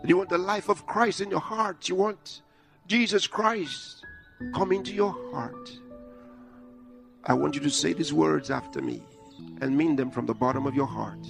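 A man preaching a sermon, moving from quiet storytelling to shouted exhortation. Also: a little high, moderate pace, creaky, long reverb tail, music in the background.

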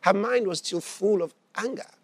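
A man's voice: high voice, normal speed, no echo. A man preaching a sermon, telling a story and acting out its characters' lines, repeating phrases for emphasis.

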